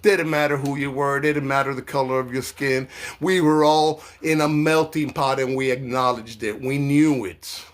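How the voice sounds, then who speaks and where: A man from New York delivering an impassioned, profane political rant. He swings between loud outbursts and low, slow asides. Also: flat delivery. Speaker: political commentator.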